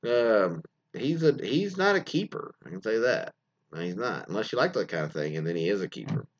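A man hosting a loose comedic show, rambling through listener stories with constant fillers, restarts and laughs. His pitch swings widely from phrase to phrase. The recording is dull and lo-fi. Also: big pitch swings, fairly quick. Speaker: host reading listener stories. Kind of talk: casual comedic commentary.

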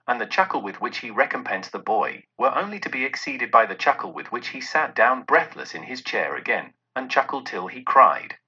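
A man giving an expressive storybook narration with a lively storytelling cadence, in a dull lo-fi recording. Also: mid-range voice, slightly rough. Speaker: audiobook narrator.

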